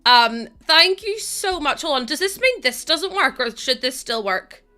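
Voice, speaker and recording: A woman's voice: high voice, very animated, a little slow, sharp tone. A young woman chatting casually on her live stream, worn out, chatty and prone to giggling as she thanks viewers. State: tired.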